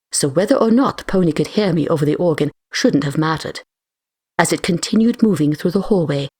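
Female narrator for a fan audiobook, deep husky tone, dry close sound. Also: dry recording. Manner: steady storytelling, raising her voice for shouted lines. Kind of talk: first-person fiction reading.

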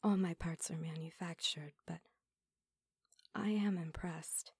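Woman playing a flirty female android, whispered role-play, breathy, low voice, slow and unhurried. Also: steady tone, darkish tone, dry recording, clean studio sound, heavily acted. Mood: teasing. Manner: teasing, playful, slow and intimate. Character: flirtatious teasing female android, new to feelings.

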